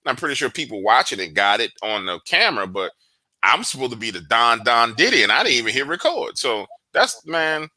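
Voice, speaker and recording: A man in casual conversation, telling stories in a slangy, profane, animated way. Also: mid-range voice, a little fast, dry recording. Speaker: guest investigator.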